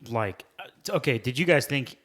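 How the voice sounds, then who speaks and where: A man's voice: mid-range voice, expressive, brisk, a bit bright. A man co-hosting a podcast, giving candid opinions in a laid-back casual chat. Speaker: podcast co-host.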